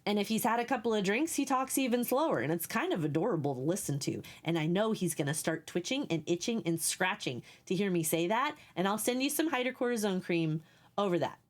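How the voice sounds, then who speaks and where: A woman's voice: mid-range voice, expressive, brisk. Chatty woman streamer reading chat. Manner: chatty, explains at length while reading chat. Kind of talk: casual live-stream chat.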